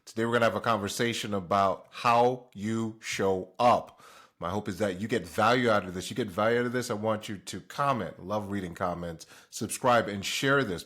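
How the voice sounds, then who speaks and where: Low-voiced man, emphatic motivational host. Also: fairly bright tone. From Jamaica. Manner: emphatic, fires rhetorical questions at the listener. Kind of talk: motivational talk.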